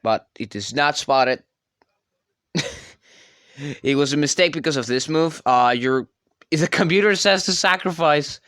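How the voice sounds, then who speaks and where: Male commentator with a bright, crisp voice. Rambling and self-correcting. Dry, close mic. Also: on the high side, unhurried, long pauses, no room sound. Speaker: chess channel creator. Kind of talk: casual game commentary.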